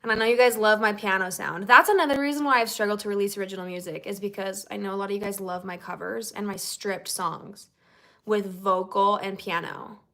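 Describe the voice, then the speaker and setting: Woman, singer-songwriter, casual livestream chat, bubbly, chatty, bright voice. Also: medium pitch, steady tone, brisk. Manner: bubbly and chatty, full of "like" and "okay?". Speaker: singer-songwriter streaming to fans.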